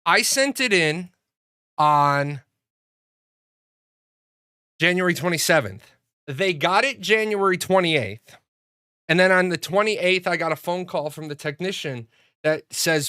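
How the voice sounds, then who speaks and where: Here a streamer rambles through anecdotes, cursing liberally and restarting often in relaxed live chat. He speaks on the high side with a sharp yet clean tone, at a measured pace with frequent pauses. The audio is clean studio sound, free of echo.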